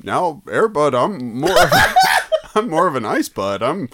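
A man's voice: fairly high pitch, wildly swooping pitch, unhurried, noisy background. A man co-hosting a comedy podcast, chatting casually and teasing playfully. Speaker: podcast co-host.

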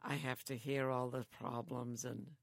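An older woman who lives in a care home, chatting slowly and telling stories with frequent chuckles. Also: very deep voice, level tone, gravelly, dry recording, clean studio sound. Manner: slow, chuckling storyteller. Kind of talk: casual chat.

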